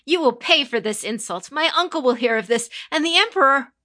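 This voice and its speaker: A woman's voice: high-pitched, animated, a little fast, voice pushed up. A woman doing a furious young nobleman. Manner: hissing, shouting, furious. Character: angry defiant young noble man.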